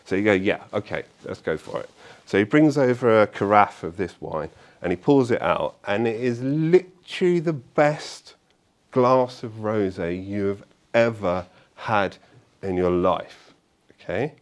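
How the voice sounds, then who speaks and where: A man's voice: fairly low pitch, unhurried. Chatty man giving a live talk. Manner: chatty, animated storyteller with tag questions and fillers. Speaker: conference speaker. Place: meetup event room.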